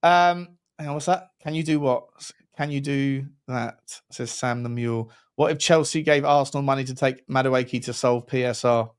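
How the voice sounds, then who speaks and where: A man co-hosting a football talk livestream, chatty and upbeat, with blunt opinions and quick shout-outs to viewers. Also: medium pitch, clear, resonant tone. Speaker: co-host.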